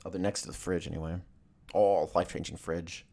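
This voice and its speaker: Rambling, profane man with lowish voice. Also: fairly quick. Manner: rambling, profane, animated storytelling. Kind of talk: casual comedic rant.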